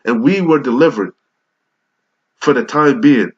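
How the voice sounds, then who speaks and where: A street preacher, a man sick with a cold, delivers an angry, profane rebuke sermon while reading scripture aloud in old English. His voice is medium-pitched and unhurried, with frequent pauses. The recording is dull and lo-fi.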